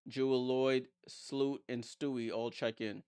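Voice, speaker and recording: Man, live play-by-play streamer, smooth resonant voice, dry close sound, blunt and teasing. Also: mid-range voice, fairly even intonation, a little slow, a little mellow, dry recording. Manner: reads viewer comments aloud and answers them; blunt, teasing remarks about players. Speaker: watchalong streamer and commentator. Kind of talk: casual live play-by-play commentary.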